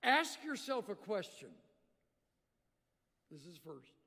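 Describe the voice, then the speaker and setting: A man preaching a sermon, swinging from loud emphatic bursts to quiet earnest asides. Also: high-pitched, big pitch swings, slow, big-room sound. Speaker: pastor.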